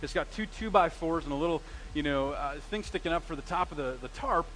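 A middle-aged man, preaching a sermon and telling a story with lively, acted-out quoted lines. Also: on the high side, a little fast, slight background noise, rough recording. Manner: animated, acts out quoted lines with big swings in loudness. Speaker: pastor.

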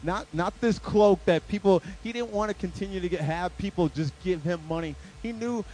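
Man, high voice, lively sermon delivery, loud bursts then hushed earnest passages, church service. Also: low-quality recording. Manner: animated, playful, shifting between loud emphasis and quiet intensity. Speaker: guest speaker.

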